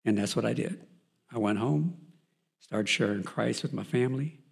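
A man's voice: medium pitch, normal speed, creaky, breathy edge. A man earnestly telling his Christian faith testimony as a story, with frequent fillers and restarts. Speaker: person giving a Christian testimony.

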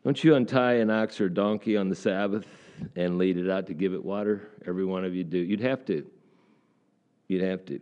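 A man's voice: fairly low pitch, animated, normal speed, a little mellow. A middle-aged male pastor giving a conversational sermon, folksy and full of questions to the congregation.

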